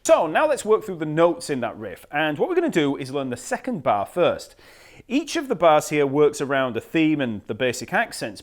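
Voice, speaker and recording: Guy teaching bass, counts and scats the beats, easygoing explaining, bass playing in the background. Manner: relaxed, patient explaining with fillers. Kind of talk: instructional bass lesson. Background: bass guitar playing.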